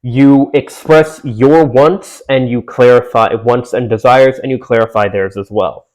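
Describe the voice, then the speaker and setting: A man's voice: mid-range voice, fairly even intonation, unhurried, a little mellow, low-quality recording. A young man reacting to an article he reads aloud, sarcastic and exasperated, swearing often. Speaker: commentator.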